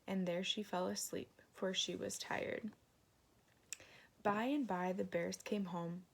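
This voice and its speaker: A woman reading a fairy tale aloud in a gentle storytelling manner, adding moralizing asides. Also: medium pitch, vocal fry.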